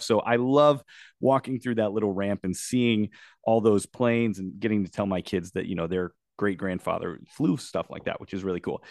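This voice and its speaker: A man's voice: mid-range voice, no room sound. Brief: chatty male co-host, mid voice, dry close mic. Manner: chatty storyteller. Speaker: podcast co-host. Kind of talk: casual chat.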